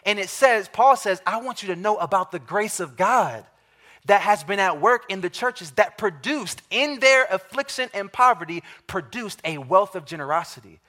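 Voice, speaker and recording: A man preaching a sermon to his congregation, emphatic, repeating key phrases and slowing down to stress them, often asking the listeners direct questions. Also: high-pitched, pushed and bright. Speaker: pastor.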